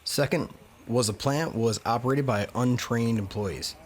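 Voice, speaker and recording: A man's voice: medium pitch, a little slow, a little hiss or hum. A man hosting a travel vlog, talking casually with wry, candid asides. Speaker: travel vlogger.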